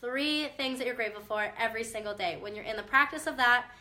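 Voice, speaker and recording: A young woman with a bright, higher voice talks to camera in a chatty, upbeat way. She is a mom vlogger with a slight chest cough, coaching her viewers directly. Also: quick pace. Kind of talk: casual motivational talk to camera.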